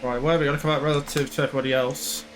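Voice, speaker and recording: A man's voice: mid-range voice, flat delivery, racing. A man commentating his own racing game, frustrated and ranting. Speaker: gaming channel host.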